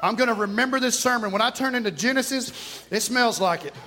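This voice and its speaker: A man preaching a lively, storytelling sermon, out of breath, shouting at moments. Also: very high-pitched, a little fast, slight background noise. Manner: storytelling, animated, breaks into shouts and laughs. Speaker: pastor. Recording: long hall reverb.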